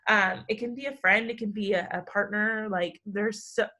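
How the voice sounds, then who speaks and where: A woman hosting a podcast, chatting openly, effusive and swearing, quick to cry. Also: medium pitch, fairly even intonation, bright, forceful tone. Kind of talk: casual podcast chat.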